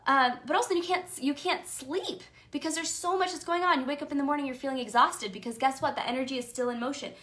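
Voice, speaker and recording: A woman's voice: high voice, quick pace, few pauses, a bit bright. A woman life coach giving a casual, emphatic motivational talk, chatty and full of fillers.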